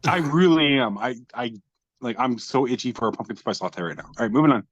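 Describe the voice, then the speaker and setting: A man's voice: mid-range voice, lively intonation, fast talker, no echo, muffled recording. A man hosting a podcast over a video call, describing memes aloud in a rambling, self-deprecating way with casual swearing. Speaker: podcast host reading memes.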